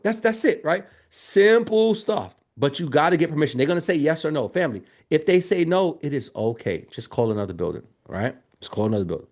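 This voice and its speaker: Male business trainer, lively and joking, fairly high voice, chatty live workshop delivery. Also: brisk, few pauses. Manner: energetic, joking, addresses audience as y'all.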